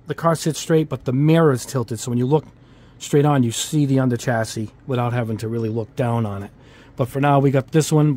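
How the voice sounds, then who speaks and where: A hobby model-kit YouTuber with a mid-range, darkish voice reviews a product casually at his hobby bench. His New England accent carries Italian-American touches, and he rambles with plenty of fillers and chatty asides.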